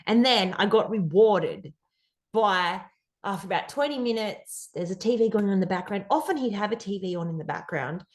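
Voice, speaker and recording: An Australian woman, a podcast guest, telling a story in an animated, rambling way full of fillers. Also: medium pitch, moderate pace. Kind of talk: casual interview storytelling.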